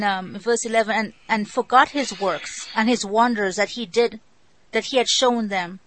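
Middle-aged woman preacher, higher voice, dry close sound, emphatic sermon delivery. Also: fairly bright tone, no echo, poor audio. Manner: emphatic, mimics complainers in quotes.

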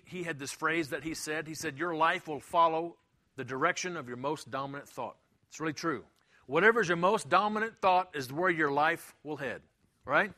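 Here a middle-aged man delivers a sermon as pastor, his voice fairly high, pushed and bright. His delivery is emphatic and repetitive, with occasional impressions of the people he's quoting.

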